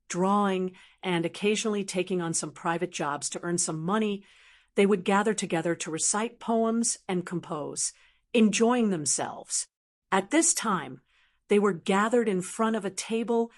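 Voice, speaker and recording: A woman narrating an audiobook in an even, measured reading. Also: mid-range voice.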